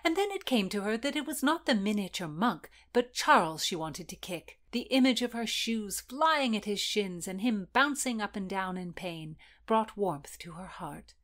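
A woman host reading historical fiction aloud in an expressive storytelling manner. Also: mid-range voice, moderate pace, hardly any pauses. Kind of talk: scripted narration of historical fiction.

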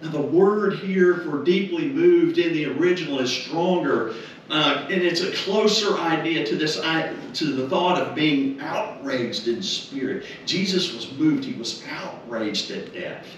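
A man preaching a funeral sermon, deliberate and emphatic, repeating key words and dropping to soft low tones. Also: recorded from a distance, slight background noise. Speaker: minister. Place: funeral home chapel. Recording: very echoey chapel, heard from afar.

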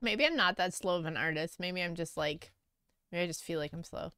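A woman streaming as an artist, chatting casually with viewers while she draws, self-deprecating and quick to laugh, on a close mic. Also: fairly low pitch, sharp tone, clean tone, no room sound.

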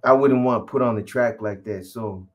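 Guy rambling through a story, lots of cussing and restarts, street talk, middle pitched voice. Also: normal speed, a little mellow. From California. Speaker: guest telling a story. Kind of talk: casual storytelling.

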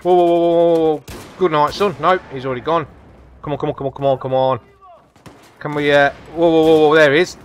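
A man giving chatty, excitable live commentary over a shooter game as a gaming channel host. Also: fairly high pitch, fairly quick, a little hiss or hum. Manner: chatty, excitable, repeats come on and whoa. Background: faint game gunfire.

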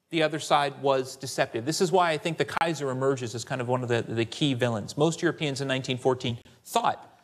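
Animated man giving a history lecture. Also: medium pitch, brisk. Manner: conversational, rhetorical asides like "Right?"; animated, quotes sources in character. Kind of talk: academic lecture.

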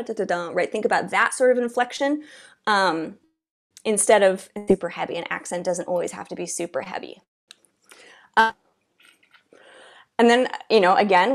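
Woman oboe teacher, mid pitch, chatty, sings rhythms between tips. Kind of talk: instrument masterclass explanation. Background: oboe playing.

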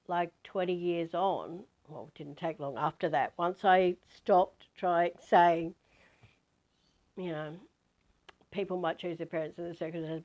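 An Australian woman over fifty from Western Australia, telling a personal spiritual story in an animated way. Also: lowish voice, muffled recording. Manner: animated, acts out quoted voices. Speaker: spiritual teacher.

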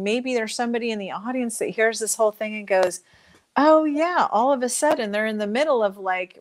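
A woman speaking as an interview guest, talking animatedly and acting out inner voices as she explains. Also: a little high. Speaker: guest speaker on joy and emotions. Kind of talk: conversational interview.

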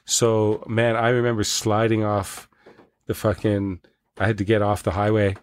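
Profane, animated man telling stories. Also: lowish voice, moderate pace, clear, resonant tone. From Canada. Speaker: podcast guest. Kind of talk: casual chat.

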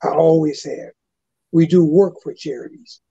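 An older man tells a personal story, halting and filling pauses with "you know." His voice is very dark, gravelly and husky. The dry, dull webcast audio sounds lo-fi. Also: on the high side, no room sound. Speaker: guest. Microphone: webcast mic.

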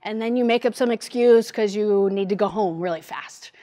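A middle-aged woman giving a devotional church talk, telling a personal story in an animated way. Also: medium pitch, normal speed. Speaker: church speaker.

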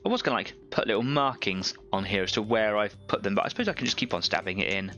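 Chatty man with a bright voice. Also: lowish voice, fast talker, dull audio. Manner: rambling, friendly, chatty asides. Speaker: host of a live painting show. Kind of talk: casual live-stream chat. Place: home hobby workbench.

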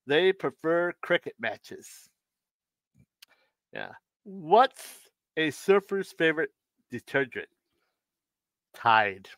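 Here the live-stream host's voice is fairly high-pitched, with no room sound around it. Trading in corny jokes and riddles, he keeps tripping over his words, starting again, and cracking up at his own punchlines.

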